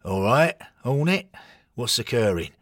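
A man's voice: mid-range voice, very animated, unhurried, fairly bright tone, dry recording, clean studio sound, pitched above the performer's own voice. A man doing a smug, blokey footballer figurine. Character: cocky male miniature footballer statue.

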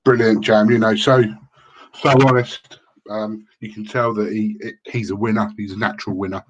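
Co-host, slightly muffled sound. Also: male voice, on the low side, little pitch movement, normal speed, a crowd in the background. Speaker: podcast co-host. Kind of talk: casual chat.

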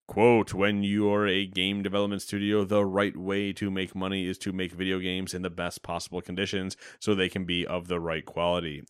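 A man with a low voice co-hosts a casual gaming news podcast. He reads quotes off the page in an easy, joking way, with a few crude asides. The sound is dry and close, with no room around it. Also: a bit bright, clean tone, no room sound. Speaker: podcast co-host.

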